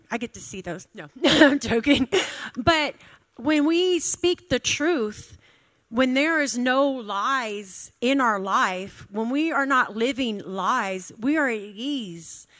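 A woman's voice: fairly high pitch, animated, slow pace, a bit bright. A woman in her thirties giving an informal sermon, conversational, repeating phrases for emphasis. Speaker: church speaker.

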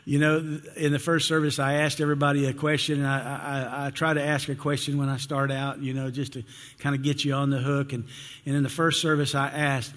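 A man's voice: mid-range voice, little pitch movement, fairly quick, fairly bright tone, long reverb tail. A man pastor praying and then opening a sermon, earnest and emotional, often repeating himself and restarting. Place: church sanctuary.

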